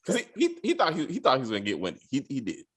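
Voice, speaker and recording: A man hosting a casual review chat, animated and acting out characters' lines as he talks. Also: medium pitch, rapid-fire. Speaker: podcast host.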